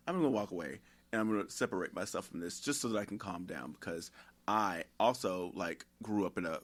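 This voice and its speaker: A man's voice: lowish voice, a bit bright. Playful teasing man hosting a chat. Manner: playful, teasing, sometimes drawn-out. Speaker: podcast host. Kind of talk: casual chat.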